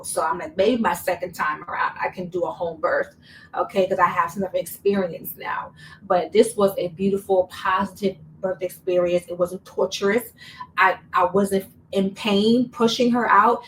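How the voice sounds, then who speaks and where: A woman's voice: fairly low pitch, a bit bright. A young woman tells a personal story in a casual, chatty vlog, repeating words for emphasis. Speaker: vlogger. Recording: slightly distant mic, faint room noise.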